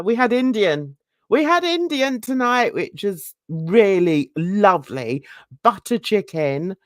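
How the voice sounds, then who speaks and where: A woman's voice: on the low side, no echo. Brief: middle-aged woman, chatty live-stream host, dry close sound. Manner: chatty rambling storyteller, laughs often. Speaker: YouTube channel host. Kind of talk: casual livestream chat.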